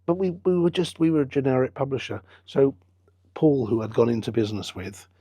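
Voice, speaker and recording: Husky man telling anecdotes. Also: medium pitch, lively intonation, brisk, dark tone, no echo, dull audio. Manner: chatty anecdotal storyteller, acts out quoted dialogue. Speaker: business founder and football club owner, guest. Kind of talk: storytelling interview answers.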